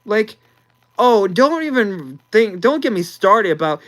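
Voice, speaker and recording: Exasperated young woman ranting, lively pitch. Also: measured pace, low-quality recording. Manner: exasperated, repeats words, sighs often. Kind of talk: ranting movie review.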